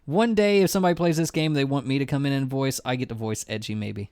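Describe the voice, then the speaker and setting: A man chatting casually while playing a video game on stream with a friend. His voice sits in an ordinary middle pitch, and he jokes and teases. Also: quick pace, darkish tone, clean tone. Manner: joking, teasing, breaks into laughs. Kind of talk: casual gaming chat.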